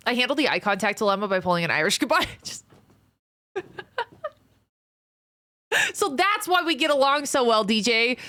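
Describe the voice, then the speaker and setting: A young woman streamer chatting casually with her viewers, thanking supporters and answering chat with animated exclamations. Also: fairly high pitch, no room sound.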